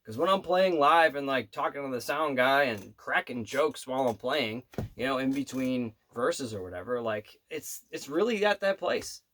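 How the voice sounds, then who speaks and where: A man who plays bass tells a story in a casual vlog from his home studio. He speaks earnestly and rambles, with many asides. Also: lively intonation, moderate pace, a bit bright. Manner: rambling and earnest, full of "you know" and "right". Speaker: bass player and manifestation coach.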